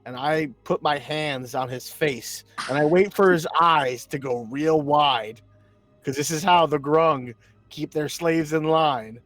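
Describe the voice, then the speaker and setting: A man calmly playing his character in a tabletop game, matter-of-fact. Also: a little high, slow, soft background music. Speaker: player.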